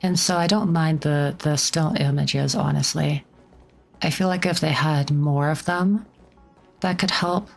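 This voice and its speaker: Low-voiced chatty woman streamer. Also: fairly even intonation, a little slow, gravelly, faint music behind. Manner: chatty and rambling, full of likes. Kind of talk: casual game commentary.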